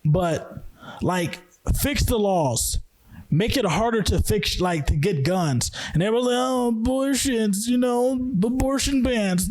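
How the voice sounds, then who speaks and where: A man's voice: high voice, darkish tone. A young man hosting a podcast, ranting angrily about the news with heavy swearing and emphatic outbursts. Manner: heated, profane, emphatic. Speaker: podcast host. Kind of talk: angry news rant.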